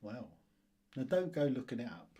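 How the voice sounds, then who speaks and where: A man hosting a casual quiz video, chuckling often and reading the questions out slowly. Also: medium pitch, very animated, warm tone, husky. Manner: chuckling, self-deprecating, reads questions slowly. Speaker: quiz host.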